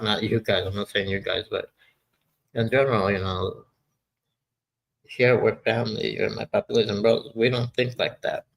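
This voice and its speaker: Rambly guy in his 60s chatting live, flat voice, kinda gravelly. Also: fairly low pitch, rough recording. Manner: rambling, often loses his train of thought. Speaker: livestream host. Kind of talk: casual live chat.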